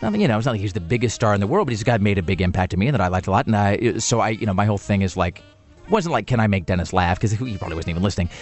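In the studio, a male radio host tells a loose, meandering story at a rapid clip, often restarting sentences and filling gaps with "you know." His voice sits a little low with lively intonation, and faint music plays behind him.

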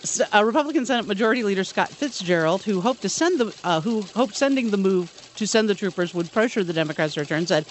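A man's voice: high voice, lively intonation, quick pace, few pauses, slight background noise. A man hosting a radio show, reading news stories and joking along with his co-host. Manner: reads headlines, then jokes along.

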